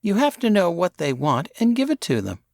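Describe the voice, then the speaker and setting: A man voicing a bright, quick-witted teenage girl who teases playfully. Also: high-pitched, wildly swooping pitch, vocal fry, no echo, voice pushed up, heavily acted. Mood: teasing. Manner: playful, teasing.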